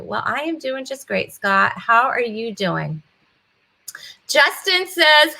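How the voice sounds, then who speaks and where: A cheerful woman host from Massachusetts runs a casual online talk show. Her voice sits high and bright, and she warmly reels off viewers' names as she welcomes them over a video call. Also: lively intonation, measured pace. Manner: bubbly, greets viewers by name. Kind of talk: casual live-stream chat.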